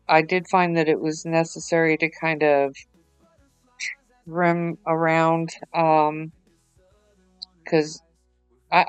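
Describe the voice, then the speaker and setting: A woman's voice: deep voice, smooth, no echo, low-quality recording. A tired woman, rambling chattily with lots of fillers as she talks through a craft project. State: tired, yawning. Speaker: craft vlogger. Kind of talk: casual voice-over while crafting.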